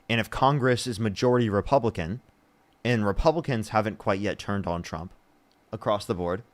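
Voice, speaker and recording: A man hosting a livestream debate show, thanking donors and pressing callers on their views. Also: on the low side. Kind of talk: casual livestream chat.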